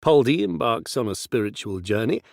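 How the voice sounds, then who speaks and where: A man narrates an audiobook slowly and expressively. His voice has a gravelly edge and moves freely up and down. The recording is dry and close. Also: medium pitch, no room sound. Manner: slow, expressive storytelling. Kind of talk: scripted narration.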